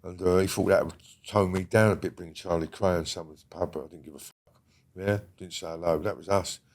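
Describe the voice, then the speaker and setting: Interview guest: man, lowish voice, blunt and rambling storyteller who swears freely. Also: fairly even intonation, a little fast, a little mellow. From Britain. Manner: blunt, rambling, heavy swearing, checks in with the listener. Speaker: guest recounting a criminal past. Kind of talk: casual storytelling conversation.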